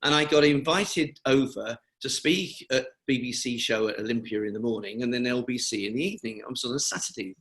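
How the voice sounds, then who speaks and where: A man's voice: medium pitch, brisk, few pauses, a bit bright. An older man from England, telling anecdotes at length in a rambling, chatty way on a video call interview. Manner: chatty, rambling, with frequent fillers and restarts. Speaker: interviewee, cancer charity founder. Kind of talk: webinar interview, anecdotal storytelling.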